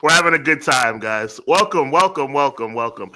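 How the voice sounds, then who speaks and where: A man's voice: medium pitch, lively intonation, normal speed, sharp tone, slight background noise. A man co-hosting a wrestling podcast in casual chat, blunt and mock-outraged, often restarting his sentences. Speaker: podcast co-host.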